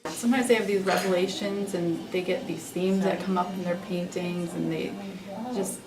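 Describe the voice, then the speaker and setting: A woman's voice: fairly low pitch, steady tone, moderate pace. A woman on the care staff speaking cheerfully and enthusiastically in a casual interview. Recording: roomy, distant sound with crowd noise behind.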